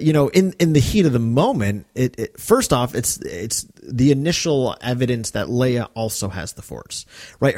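A man co-hosting a podcast in casual chat, talking animatedly and breaking into quick quoted lines. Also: mid-range voice, darkish tone. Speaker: podcast co-host.

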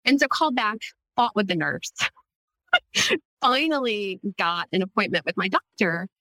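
Woman, author interview guest, candid, chatty, lots of "like", bright tone, dry sound. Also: mid-range voice, animated, measured pace, no echo, low-quality recording. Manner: candid, fills speech with "like" and "right?".

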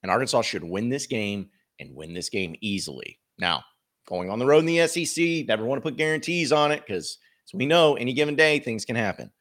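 A man's voice: mid-range voice, animated, fairly quick, fairly bright tone. Guy hosting a sports podcast, blunt and emphatic, voice going all up and down. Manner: emphatic, rhetorical questions, blunt. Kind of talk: casual sports commentary.

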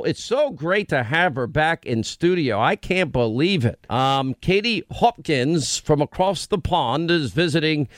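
A man's voice: on the high side, no room sound. A man hosting a talk radio show from a studio, joking and brash, often cutting in on his guests. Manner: brash, joking, quick to interrupt. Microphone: studio microphone.

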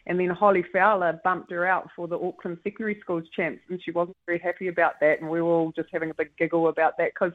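A woman netball coach calls in to a radio show over a tinny phone line, chatting casually and thoughtfully with plenty of fillers and laughs. Her voice is on the low side with little pitch movement, and she talks quickly with hardly any pauses.

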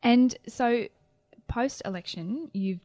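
A woman's voice: a little high, slow, warm tone, no room sound, soft background music. A woman interviewer asking long, curious questions in a chatty, conversational way.

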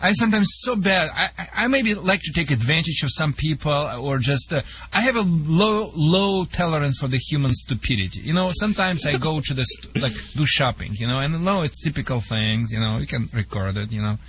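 A man from Russia with a thick accent jokes his way through dog-training advice on a call-in show. His voice is bright and slightly husky, and he talks in halting bursts full of fillers. The studio sound is dry and close. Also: a little high, animated, no echo. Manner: joking, self-mocking, halting with many fillers.

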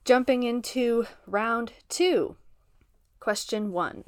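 A woman's voice: a little high, slow pace, dry recording, studio quality. A woman hosting a trivia quiz, reading out answers plainly and laughing easily between them. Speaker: quiz host.

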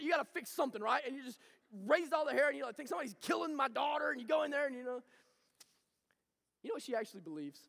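High-voiced pastor preaching in a reverberant hall. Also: male voice. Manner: preaching with swings from loud to hushed. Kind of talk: sermon.

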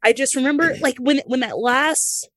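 Animated woman telling a candid story. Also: high voice, normal speed, no room sound. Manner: animated, acts out quoted voices, laughs between lines. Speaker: interview guest, former pro wrestler.

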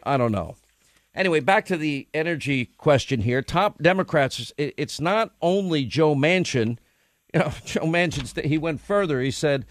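A man's voice: a little high, no room sound. A man hosting a political opinion talk show, emphatic and combative, firing off points one after another. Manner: emphatic, combative, rapid-fire. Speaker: talk radio host.

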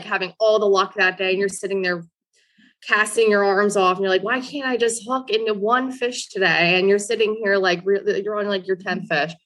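A young woman guest in a casual interview, animated, telling stories and often quoting others. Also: medium pitch. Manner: animated storyteller, quotes others, laughs often. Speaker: guest angler.

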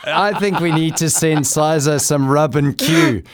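A man's voice: on the high side, measured pace. A man with a New Zealand accent, a former cricketer co-hosting a sports show, joking around in casual chat. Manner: jokey, laughing easily.

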